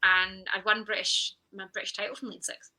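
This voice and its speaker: A woman's voice: mid-range voice, little pitch movement, a little fast, pushed and bright, poor audio. A woman being interviewed on a podcast, telling her story with animation and acting out her own past thoughts. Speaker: guest, champion sprinter.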